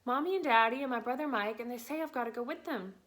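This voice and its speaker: A woman voicing a frantic, pleading little girl in a read-aloud storybook, speaking high, urgent and breathless. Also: fast, fairly bright tone, natural voice. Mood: upset, pleading.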